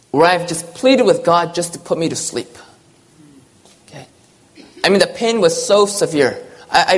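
A man preaching a sermon, earnest and personal, repeating key phrases and dropping softer when he reads scripture and poetry. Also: sits high.

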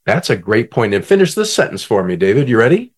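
A man speaking as a conflict coach and author in an interview, animated, often asking the host to finish his sentences. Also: medium pitch, fast, husky. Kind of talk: guest in an interview, coaching talk.

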